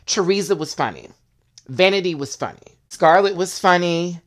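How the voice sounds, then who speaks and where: A man giving a casual, sassy recap of a reality competition episode, with quick asides and bursts of laughter. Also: sits high, fairly bright tone. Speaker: show reviewer.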